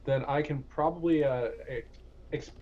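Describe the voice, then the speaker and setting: A man's voice: mid-range voice, warm tone. A man playing in a tabletop role-playing game, speaking formally in character. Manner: formal, measured in-character speech. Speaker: player. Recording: dull lo-fi audio with faint noise.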